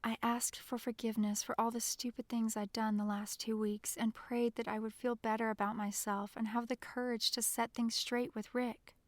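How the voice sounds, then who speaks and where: A woman narrating an audiobook in the first person, with soft, emotional storytelling. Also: on the high side, flat delivery, normal speed, hardly any pauses, no room sound.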